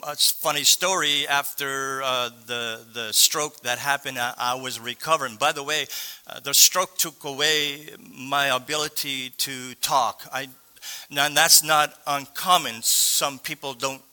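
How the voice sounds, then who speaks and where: A man, slightly sore-voiced, preaching as a guest speaker in halting speech with many pauses and restarts. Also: mid-range voice, steady tone, pushed and bright, smooth. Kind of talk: sermon.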